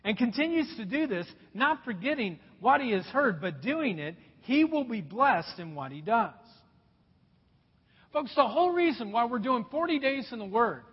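A pastor preaching a sermon, emphatic, repeating key phrases and dropping his voice low at points. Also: big pitch swings, moderate pace, breathy edge. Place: church auditorium. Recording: dull, long-reverb hall recording.

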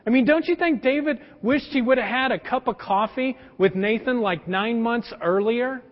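High-voiced preacher in an echoing hall. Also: male voice, moderate pace. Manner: storytelling, direct address to the congregation. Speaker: pastor. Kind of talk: sermon. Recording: long hall reverb, dull lo-fi sound.

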